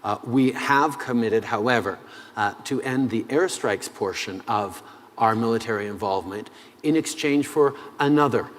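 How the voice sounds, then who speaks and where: A man answering interview questions as a head of government, measured and full of "uh" pauses. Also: mid-range voice, long reverb tail.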